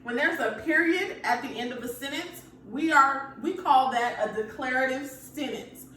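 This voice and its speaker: Woman teacher, higher voice, patient and repetitive, very echoey room, some distance from the mic. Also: normal speed, bright, forceful tone, a little hiss or hum. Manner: patient, repeats okay after each point. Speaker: elementary school teacher. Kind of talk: recorded remote grammar lesson.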